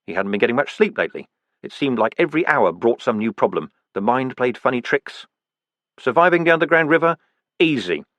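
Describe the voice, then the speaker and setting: A man narrating a fantasy audiobook with a lively, wide-ranging voice and a wry, expressive touch. The sound is close and dry, with no room around him. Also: mid-range voice, a little fast, dry recording.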